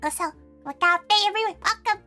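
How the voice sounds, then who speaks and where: A woman's voice: very high voice, fast, bright, forceful tone, soft background music. A woman hosting a casual chat stream, giggling often and speaking of herself in the third person. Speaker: vtuber host.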